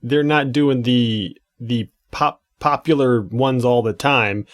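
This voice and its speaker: A man's voice: medium pitch, takes it slowly. A man co-hosting a podcast in casual comedic chat, laid-back and loose, reading out answers and cursing now and then. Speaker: podcast co-host.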